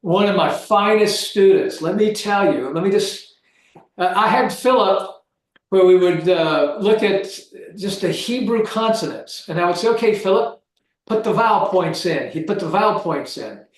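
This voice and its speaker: A man giving an emphatic, animated seminar lecture over a video call, restarting his sentences often. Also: high voice, normal speed. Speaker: guest lecturer. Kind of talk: seminar lecture and closing remarks. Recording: very echoey room.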